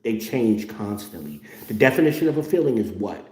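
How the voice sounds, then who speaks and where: A middle-aged man with a low voice rants bluntly and mocks his listeners. His talk is full of profanity. The room around him is echoey. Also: big pitch swings, a little fast, a little mellow. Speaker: host. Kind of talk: ranting commentary.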